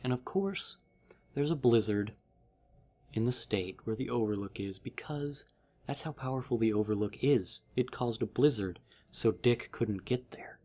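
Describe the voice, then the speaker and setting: A man's voice: mid-range voice, mellow. A man rambling casually through a book recap as a vlogger, with many fillers.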